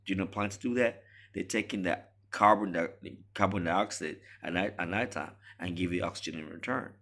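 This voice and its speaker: A man's voice: sits low, normal speed, fairly bright tone. A man delivering a preachy, emphatic monologue to camera as a relationship commentator.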